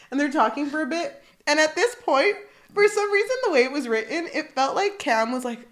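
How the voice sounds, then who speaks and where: Animated woman co-hosting a book chat. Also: high voice, brisk. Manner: animated, laughing, acts out characters' lines. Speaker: podcast co-host.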